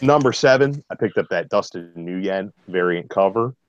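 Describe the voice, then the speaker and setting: A man's voice: low voice, expressive, moderate pace. A man from Baltimore with a mild local accent, chatting enthusiastically about comics as a podcast co-host, with a lot of "uh" fillers. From Baltimore, USA. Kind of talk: casual chat reviewing comics. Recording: dull lo-fi dry audio.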